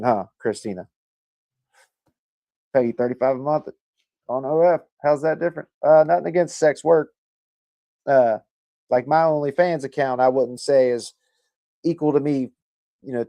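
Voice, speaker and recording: This livestream host is a man with a medium-pitched, mellow voice who talks at a moderate pace and pauses often. Laid-back and rambling, he chats casually, reads viewer comments, jokes and swears a lot. There's no room sound.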